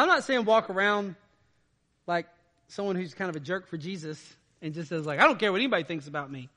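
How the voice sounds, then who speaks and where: This sermon comes from a pastor in a church whose voice is high-pitched, bright and forceful. After reading the scripture aloud, he breaks it down in simple, everyday words.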